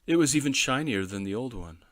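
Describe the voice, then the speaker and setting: Expressive man narrating a children's story. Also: mid-range voice, fairly quick, dry recording, studio quality.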